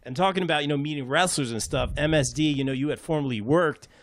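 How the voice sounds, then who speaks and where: A man's voice: on the high side, fast talker, no room sound. A man hosting a casual podcast panel, easygoing and loose, full of fillers and friendly asides. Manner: easygoing, lots of fillers like "you know" and "man".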